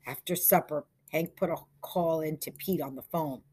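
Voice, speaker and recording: A woman reads a spooky short story aloud with dramatic, expressive pacing. Her voice is fairly low, husky and breathy. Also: normal speed. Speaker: narrator.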